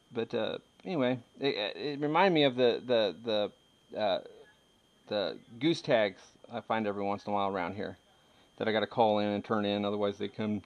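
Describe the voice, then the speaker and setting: A man in his thirties talks through his finds in an easygoing, rambling way, tossing in jokes and laughing often. His voice sits at an ordinary middle pitch. The recording sounds dull and lo-fi, like home video audio. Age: 30s. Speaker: metal detecting hobbyist. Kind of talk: casual chat showing finds.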